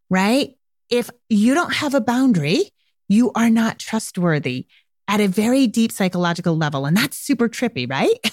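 A woman's voice: medium pitch, darkish tone, dry recording. A woman talks through a solo podcast in an easy, candid way, cursing now and then and acting out both sides of little conversations. Her voice sits in a middle register. The sound is dry and close, with no room around it. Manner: frank and conversational, swears casually, acts out little dialogues. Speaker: podcast host. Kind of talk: casual podcast monologue.

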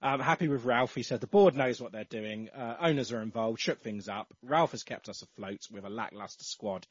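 A man with a mid-range voice, talking a little fast, hosts a casual football podcast and reads out listener entries full of ums and uhs. There's no room sound, and the lo-fi recording is slightly dull.

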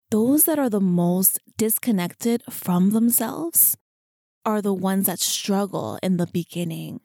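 Mellow-voiced woman podcast host. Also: mid-range voice, dry recording, studio quality. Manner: earnest, heartfelt, chatty with frequent "you know". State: emotional, near tears. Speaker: podcast host and fitness coach. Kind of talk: casual solo podcast talk. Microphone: studio podcast microphone.

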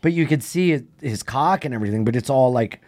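A man co-hosting a comedy podcast, telling stories with excitement and cursing freely in casual chat. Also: medium pitch, fast talker. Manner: excitable storyteller, swears freely. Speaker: podcast co-host.

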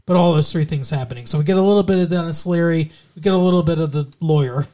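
A man with a slightly high-pitched voice talks through a film on a podcast in an easy, unscripted way. He swears freely and strings the plot together with loose restarts. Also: quick pace, mellow. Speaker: podcast co-host. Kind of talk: casual movie-review chat.

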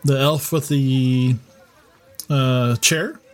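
A man's voice: mid-range voice, fairly even intonation, extremely slow. A man playing a tabletop game, describing his actions hesitantly with fillers. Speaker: player.

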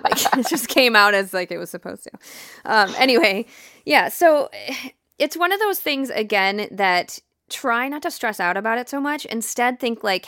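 A woman's voice: fairly high pitch, expressive, normal speed, a bit bright, dry recording, studio quality. A woman hosting a podcast, giving enthusiastic, chatty business advice with plenty of fillers. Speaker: podcast host. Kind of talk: casual advice chat.

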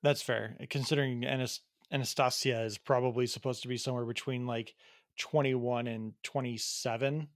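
A man's voice: mid-range voice, steady tone, moderate pace, no echo. A man from the United States co-hosting a podcast, chatting playfully about a TV show and laughing easily. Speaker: podcast co-host. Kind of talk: casual chat.

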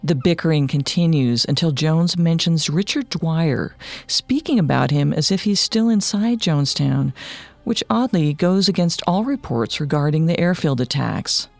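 A man narrating a scripted true-crime story in a measured, matter-of-fact way. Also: a little high, animated, gravelly, dry recording. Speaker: podcast narrator.

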